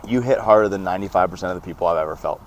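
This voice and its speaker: A man's voice: sits low, rapid-fire. Laughing young man telling fight stories. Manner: animated, laughs often, acts out quoted dialogue. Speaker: podcast guest. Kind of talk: casual storytelling.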